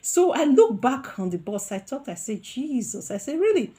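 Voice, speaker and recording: A woman from Africa vlogging, telling a personal story with lively, expressive delivery and acted-out quoted voices. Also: a little high, moderate pace. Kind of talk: storytime vlog.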